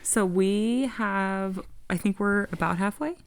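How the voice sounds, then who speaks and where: A woman's voice: mid-range voice, slow pace, clear, resonant tone, no echo. A woman co-hosting a podcast, chatting casually and sounding amused. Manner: amused, giggly. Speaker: podcast co-host. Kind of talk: casual chat.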